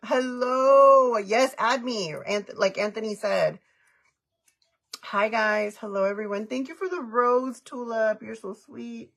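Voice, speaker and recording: Speaking a little slowly, this middle-aged woman has a fairly bright, higher voice with vocal fry. She giggles and chats casually on a makeup livestream, greeting viewers by name and dropping Spanish phrases into English.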